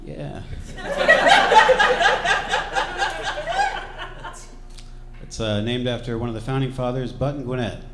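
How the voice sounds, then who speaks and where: A man from Georgia doing a stand-up set, wry and deadpan, with throwaway asides. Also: mid-range voice, extremely slow, pauses often, very noisy. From Georgia, USA. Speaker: stand-up comedian. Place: comedy club stage. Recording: echoey club with loud crowd laughter. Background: audience laughing.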